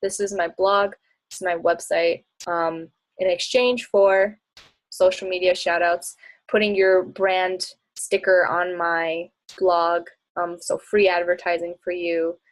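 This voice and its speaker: A woman's voice: on the low side, little pitch movement, slow pace. A young woman talking casually as a travel blogger and coach, chatty and bubbly, often laughing and acting out bits of dialogue. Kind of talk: casual talk answering audience questions.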